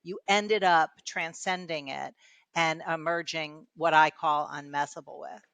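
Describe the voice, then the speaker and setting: A woman's voice: deep voice, steady tone, a little slow, fairly bright tone, clear, resonant tone, no echo. A woman hosting a podcast who asks her guest an earnest interview question. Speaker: podcast host.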